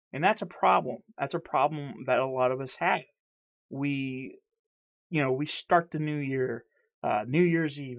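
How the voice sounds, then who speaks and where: Man talking in a heated, stuttering way. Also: on the high side. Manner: stuttering, repeats himself, earnest and heated. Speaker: vlogger. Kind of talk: candid personal vlog monologue.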